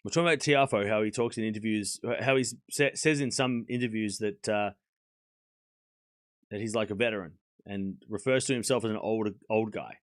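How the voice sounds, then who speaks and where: A man hosting a casual live tennis watchalong, rambling with repeated restarts and switching into brisk play-by-play calls. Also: lowish voice, dry recording, studio quality. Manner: animated, rambling, repeats words while restarting sentences. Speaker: host and live tennis commentator. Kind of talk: casual livestream watchalong commentary.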